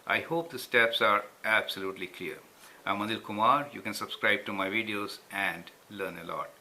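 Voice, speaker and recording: A man's voice: fairly low pitch, normal speed, pushed and bright, slight background noise. A man tutoring calculus step by step, patiently checking understanding with frequent tag questions. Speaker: math tutor. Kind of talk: explaining at a whiteboard.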